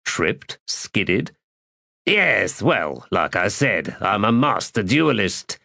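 A man's voice: lowish voice, sing-song, slow, creaky, bright, forceful tone, dry recording, studio quality, heavily acted. A man voicing a vain, boastful male duelist. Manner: boastful, strutting.

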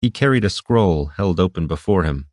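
A man reading fantasy narration in a steady, measured way. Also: deep voice, dry recording, clean studio sound. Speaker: audiobook narrator.

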